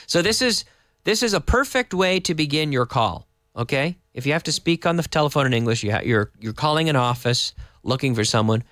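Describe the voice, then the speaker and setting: A young adult man teaching English in a live online lesson, chatty, explaining phrases and repeating them slowly. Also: a little high, animated, a bit bright, no room sound, studio quality.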